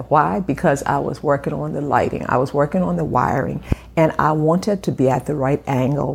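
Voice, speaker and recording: A middle-aged woman hosting a faith podcast from her home, talking in an encouraging way and slowing down to stress her points. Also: sits low, gravelly, a little mellow, slightly rough. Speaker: podcast host. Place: home room at a glass table.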